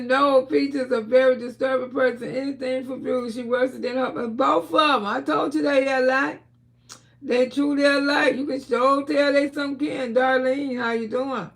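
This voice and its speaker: A woman hosting a live stream, talking casually and trash-talking loudly, with frequent laughter. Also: high-pitched, creaky.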